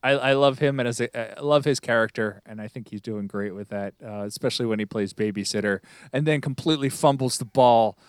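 Smooth-voiced man in casual podcast chat. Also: medium pitch, a little fast, few pauses, no room sound, clean studio sound. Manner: enthusiastic, rambling, stumbles over names. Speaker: podcast co-host. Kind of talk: casual chat about a TV show.

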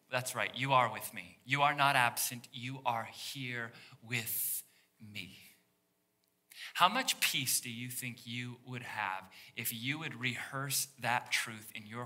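A man's voice: mid-range voice, bright, forceful tone. A man preaching a sermon as pastor, in a conversational way that acts out the voices of the people in the story. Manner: conversational, acts out quoted voices of biblical figures. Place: church sanctuary.

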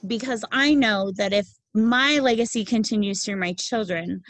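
A woman's voice: mid-range voice, moderate pace, no echo, poor audio. A middle-aged woman hosting a podcast, talking earnestly and emphatically in a casual conversation, laughing easily. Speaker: podcast host.

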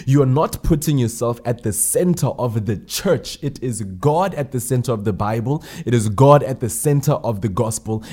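A man's voice: mid-range voice, dark tone, slightly rough. A man preaching a sermon, emphatic, repeating key phrases and asking the listeners rhetorical questions.

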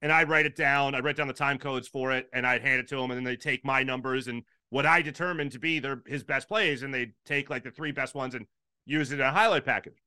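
A man's voice: a little fast, smooth, no room sound, studio quality. A middle-aged man from Philadelphia, a sports broadcaster, telling a story in casual chat and acting out the quotes of the people in it. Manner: animated storyteller, acts out quotes with big pitch jumps. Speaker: podcast guest, sports broadcaster.

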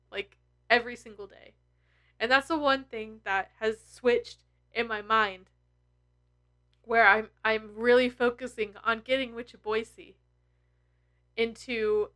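A woman's voice: on the high side, bright, forceful tone. A woman in her thirties talking candidly and emotionally to her followers, blunt and full of swearing. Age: 30s. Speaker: tarot content creator. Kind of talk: candid personal vlog.

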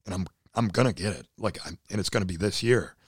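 Man in his 30s, deep-voiced and hoarse, casual podcast co-host, earnest and emotional, dry close sound. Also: fast, dry recording. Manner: earnest and emotional, swears freely. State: hoarse, voice nearly gone. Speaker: podcast co-host, CrossFit athlete. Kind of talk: casual chat.

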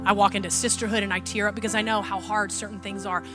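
A woman pastor preaching a sermon with strong rising emphasis, growing soft and tender when she tells a personal story. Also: medium pitch, flat delivery, quick pace, over music.

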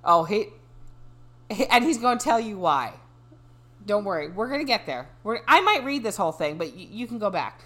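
A woman's voice: mid-range voice, normal speed. A woman reading a dating profile aloud and mocking it in casual podcast chat. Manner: sarcastic, mocking commentary with a flat reading voice.

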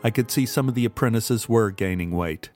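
A man reading an audiobook aloud in first person with a measured, steady delivery. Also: on the low side, no echo, faint music behind. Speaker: audiobook narrator. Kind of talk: first-person storybook narration.

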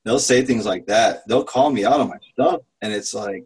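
A man's voice: fairly low pitch, normal speed, slightly rough, rough recording. A man and father candidly sharing his experience in a group talk, laughing often and restarting his sentences. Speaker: program participant and father.

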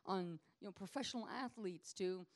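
A woman ministry leader giving an informal teaching sermon in a lively, conversational way, acting out the people she talks about. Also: medium pitch, normal speed. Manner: lively conversational preaching, acts out quoted people.

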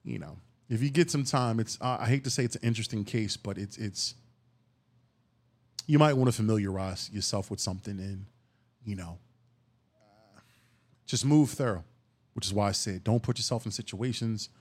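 A man's voice: on the low side, normal speed, long pauses. Man, podcast host, solo monologue, cussing, emphatic, heated bursts. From Philadelphia. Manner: profane, emphatic street talk with rising outbursts.

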